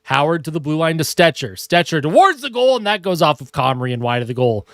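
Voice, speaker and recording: A young man calls a hockey game for his live stream, excitable and chatty. His voice sits a little high. The sound is dry and close, with no room echo. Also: brisk. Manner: excitable calls that break off to coo at his cat. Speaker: fan streamer doing live play-by-play. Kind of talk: casual live play-by-play commentary. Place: home room at his monitor.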